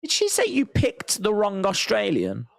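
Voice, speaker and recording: Stream host, male, animated pitch swings, dry close mic, rambling chat. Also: normal speed, gravelly, no echo. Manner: rambling, thinking aloud, reads chat comments. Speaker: wrestling watch-along host. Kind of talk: live-stream reaction chat.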